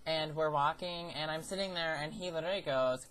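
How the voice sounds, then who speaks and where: In a rough recording, a teenage guy with a fairly high, fairly bright voice talks a little fast as he vlogs about a summer job. His rant is sassy, profane, and theatrical, a personal story told with plenty of attitude.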